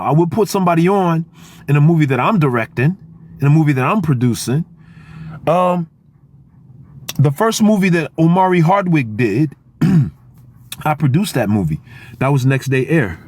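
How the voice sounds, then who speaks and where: A middle-aged man ranting casually on the street in an emphatic, slangy, animated way. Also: mid-range voice. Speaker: actor. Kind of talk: casual street vlog rant. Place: outdoors on a street near traffic. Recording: noisy street recording with traffic.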